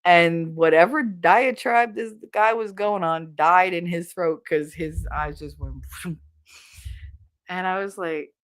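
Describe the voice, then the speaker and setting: A woman's voice: fairly low pitch, takes it slowly. A middle-aged woman, a podcast co-host, telling stories in a casual, candid and profane way, often quoting others. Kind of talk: casual storytelling.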